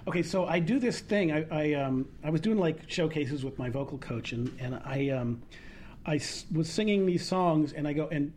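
A woman's voice: low-pitched, animated, normal speed, mellow, slight background noise. A woman performer talking in an interview, rambling and self-mocking, with frequent restarts. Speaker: guest performer and singer. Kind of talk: casual interview chat.

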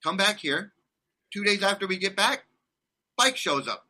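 A man's voice: high-pitched, lively intonation, normal speed, sharp tone, slight background noise. A man telling a rambling travel story in casual chat, laughing often and restarting his sentences. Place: condo abroad.

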